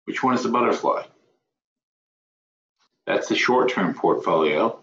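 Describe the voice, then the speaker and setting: Low-voiced man muttering through a webinar. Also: lively intonation, a little slow. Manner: mutters to himself and scolds his software; rambling, self-correcting. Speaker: webinar host. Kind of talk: live trading webinar, thinking aloud. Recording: roomy, dull lo-fi webinar audio.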